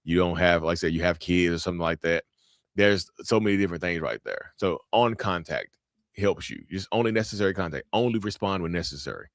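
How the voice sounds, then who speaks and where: A man's voice: low-pitched, brisk, no echo, studio quality. A man chatting casually on a livestream, reacting to viewer comments in a blunt, emphatic way that repeats phrases for effect.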